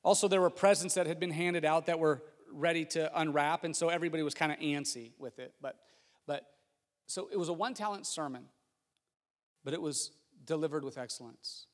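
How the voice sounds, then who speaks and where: A man's voice: fairly high pitch, fairly quick. Preaching man in a reverberant hall. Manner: conversational, self-deprecating humor, builds to emphatic repetition. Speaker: pastor. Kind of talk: sermon. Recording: long hall reverb with faint music.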